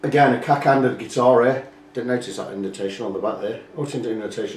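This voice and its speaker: A man talks through a guitar repair, explaining each step casually as he works. His voice sits at an ordinary middle pitch, picked up by the camera mic in an echoey workshop room. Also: quick pace, a little hiss or hum. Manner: chatty, explains step by step, talks while working. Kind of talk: hands-on repair walkthrough.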